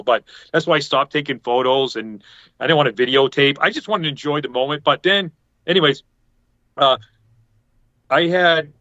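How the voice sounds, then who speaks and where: Bright and forceful, this mid-range male voice comes through dry on dull, lo-fi video call audio. As a podcast panelist chatting casually, he tells a rambling story and performs the lines of the people he quotes.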